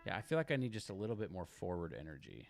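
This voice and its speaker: A man musing aloud while practicing for an audition, critiquing himself in halting, self-correcting phrases. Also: low voice, very animated, vocal fry, loud music behind the voice. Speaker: musician practicing audition excerpts. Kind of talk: thinking aloud during practice.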